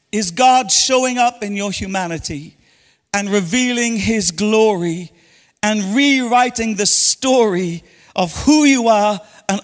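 A man's voice: high voice, big-room sound. A man preaching a sermon as pastor, speaking to the congregation and joking with them. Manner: playful, teasing banter with congregation. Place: church hall.

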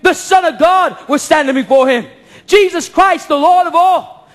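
A man preaching a sermon to a church congregation, impassioned, firing off rhetorical questions and breaking into shouts. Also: very high voice, normal speed. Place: church service before a congregation.

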